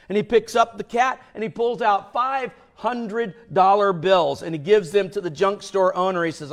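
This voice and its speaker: A male pastor preaching a sermon in an emphatic way, dropping to a hush and then rising loud for emphasis. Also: high-pitched, a little fast, hardly any pauses. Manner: emphatic, with swings between hushed and loud.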